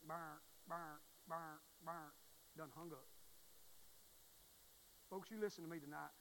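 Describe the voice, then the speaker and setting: A man in his forties with a Southern US accent, preaching a sermon in a folksy, emphatic way. He repeats his points and swings between hushed asides and near shouting. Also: sits high, a little hiss or hum, low-quality recording. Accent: Southern US (Mississippi).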